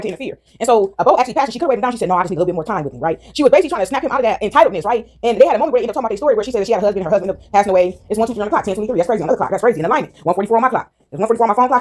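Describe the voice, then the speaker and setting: A woman casually retelling a movie plot to her listeners, animated and laughing often. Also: a little high, very fast, hardly any pauses.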